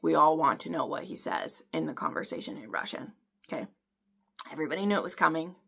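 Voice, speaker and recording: A woman reviewing a romance book adaptation in a casual video, gushing and excitable, rambling with fillers and restarts, swearing for emphasis. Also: low voice, fast, gravelly, husky.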